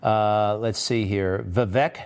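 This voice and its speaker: A man's voice: lowish voice, steady tone, slow pace, clean tone. A man hosting a TV news interview, asking questions in a casual, conversational way. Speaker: TV news host.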